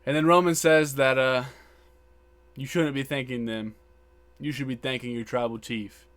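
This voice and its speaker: A man's voice: medium pitch, steady tone, moderate pace, a bit bright. A man co-hosting a podcast, casually retelling wrestling scenes, acting out quotes and swearing, with repeated words. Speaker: podcast co-host. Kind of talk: casual chat recapping wrestling. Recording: background buzz.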